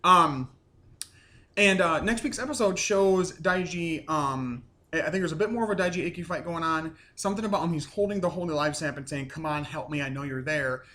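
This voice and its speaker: A man's voice: high voice, brisk, pushed and bright. A man casually recapping a TV episode at home, rambling with lots of fillers and casual swearing. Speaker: reviewer.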